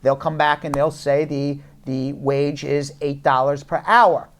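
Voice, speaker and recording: A man's voice: on the high side, steady tone, measured pace, a little hiss or hum. A man hosting a live immigration law show, joking with his co-host and then explaining legal steps one at a time, checking in with "okay?". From United States. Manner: joking, loud teasing, then explains step by step with repeated "okay?".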